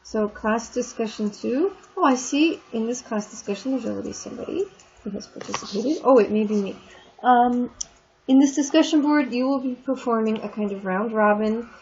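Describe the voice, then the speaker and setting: In a recorded online French lesson, a woman explains things chattily and stretches out the French words. She speaks at a normal speed in a fairly high, slightly mellow voice, and the lo-fi screen recording is dull with faint noise.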